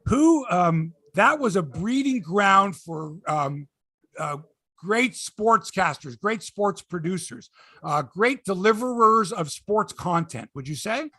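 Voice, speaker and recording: A man's voice: sits high, lively intonation, takes it slowly, pushed and bright, no echo, clean studio sound. A middle-aged man hosting a sports podcast in casual chat, rambling, opinionated and joking. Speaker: podcast host.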